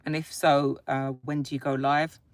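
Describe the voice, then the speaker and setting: A deep-voiced woman keeps a level tone and moderate pace, no echo in the sound. An adult parent, she's casually live streaming on her phone, saying hello to viewers by name and chatting freely about their comments.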